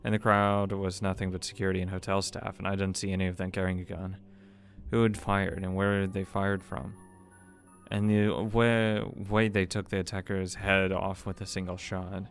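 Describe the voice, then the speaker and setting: A man with a low voice reads a visual novel aloud in an even, level tone. He trips over words, restarts them, and drops casual, profane asides between lines. Soft music plays behind him. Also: moderate pace. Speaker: let's play narrator.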